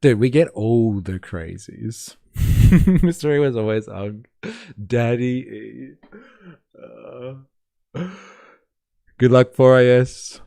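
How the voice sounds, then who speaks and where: Speaking slowly with long pauses, a man with a Western Sydney Australian accent hosts a live stream in a medium-pitched, gravelly, mellow voice. His casual reaction-stream chat is sarcastic, teasing, and full of swearing, captured in a dry, studio-quality recording.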